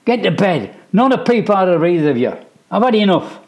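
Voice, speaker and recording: Man doing a sharp scolding mum. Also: sits high, sing-song, a little fast, dull audio, voice pushed up. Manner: sharp, bossy, telling off. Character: scolding working-class mother.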